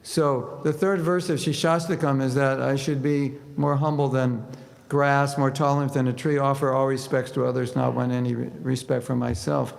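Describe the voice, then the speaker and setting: Gravelly-voiced man preaching in a hall. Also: mid-range voice, moderate pace. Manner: conversational, animated when quoting prayers. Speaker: spiritual teacher. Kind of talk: sermon with humor. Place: temple hall. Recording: reverberant hall with faint noise.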